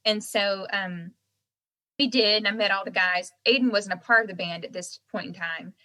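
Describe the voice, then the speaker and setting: A woman's voice: mid-range voice, steady tone, normal speed, sharp tone, rough recording. A woman guest on an interview podcast, telling a story casually with many fillers and restarts. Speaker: guest singer-songwriter.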